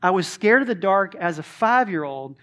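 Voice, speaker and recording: A man's voice: sits high, animated, moderate pace, pushed and bright. A man in his late forties, a pastor telling a personal story in a sermon, acting out dialogue with frequent restarts. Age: 40s.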